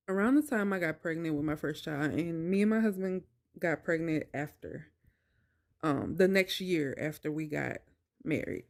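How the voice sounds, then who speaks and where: A woman talks straight to her viewers, recounting her own experiences at a slow, deliberate pace. She presses her points hard, almost like preaching, then drifts into softer, hesitant stretches full of ums. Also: low-pitched. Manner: emphatic, preachy, addresses viewers directly. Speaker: vlogger telling her own story. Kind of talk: personal storytelling to camera.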